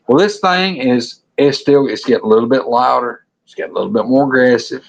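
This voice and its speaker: A Southern man with a drawl, spinning a story as a guest in a blunt, folksy and salty way, with a voice of ordinary middle pitch. He talks plainly and colorfully, swearing freely as he goes. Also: a little fast, vocal fry, hardly any pauses, muffled recording. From Alabama. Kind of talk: storytelling, recounting an encounter.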